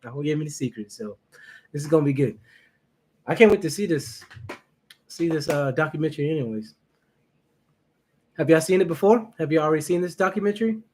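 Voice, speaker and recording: A man's voice: a little high, fairly quick, long pauses, a little mellow. A man hosting his first livestream, chatting casually and nervously with viewers, greeting them by name and laughing often. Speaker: livestream reaction host.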